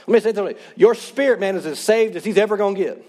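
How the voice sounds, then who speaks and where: High-voiced male pastor preaching. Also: rapid-fire, darkish tone. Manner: earnest, conversational preaching with congregation responses. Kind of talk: sermon.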